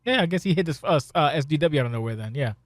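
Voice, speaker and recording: Man, podcast host, excitable, profane, rambling, dry mic. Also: on the high side, racing, no echo. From Spanish heritage. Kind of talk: casual podcast chat.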